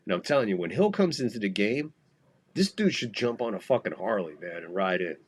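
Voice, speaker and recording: Brief: low-voiced American man, loose and profane play-by-play, jokey and rambling. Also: animated, brisk, slight background noise. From United States. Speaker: podcast host calling a baseball game. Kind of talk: casual live game commentary.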